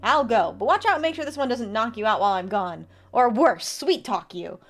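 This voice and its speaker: A woman voicing a gruff, rude male patrolman in a video game, speaking brashly and coarsely. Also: fairly high pitch, animated, a little fast, a bit bright, soft background music.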